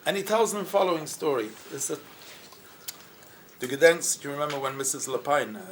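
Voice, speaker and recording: Brief: animated rabbi telling a story, higher voice, some faint background noise. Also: male voice, fairly quick. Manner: lively, bursts into loud chanting when quoting. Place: gathering room with a crowd around the table.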